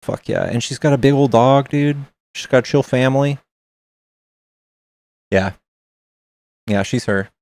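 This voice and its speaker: A man's voice: mid-range voice, a little slow, pauses often, a little mellow, clean tone, no echo. A man streaming live, chatting casually with his chat, reading aloud and swearing as he reacts.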